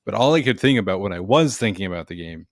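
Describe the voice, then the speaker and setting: A man co-hosting a sports podcast, talking in a rambling, animated way and laughing often. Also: on the low side, fast, no room sound, clean studio sound. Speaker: podcast co-host. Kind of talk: casual sports chat.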